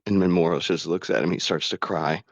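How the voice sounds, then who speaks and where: A man narrating his own character's actions during a tabletop game, in an emotional, hushed way. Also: low-pitched, steady tone, brisk, no room sound, dull audio. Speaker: player.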